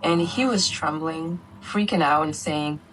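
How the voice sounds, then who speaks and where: A woman with a lowish voice tells her story steadily and earnestly, like an interview testimony. A faint hiss of room noise sits under her words. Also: measured pace, fairly bright tone, rough recording. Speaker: mother telling her family's story.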